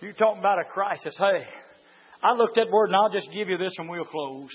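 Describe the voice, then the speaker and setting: A man preaching a fiery sermon, moving from quiet storytelling to high shouted exhortation. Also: a little fast, husky. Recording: dull lo-fi church recording.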